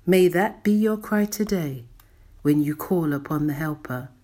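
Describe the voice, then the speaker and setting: Woman, preacher, slow measured delivery, lower pitch, emphatic devotional sermon. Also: dark tone.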